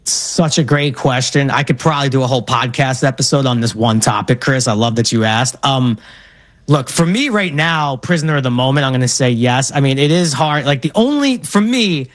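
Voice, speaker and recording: A man in his thirties from Brooklyn with a New York accent, telling stories with animated enthusiasm. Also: medium pitch, brisk, dry recording. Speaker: guest. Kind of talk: casual chat.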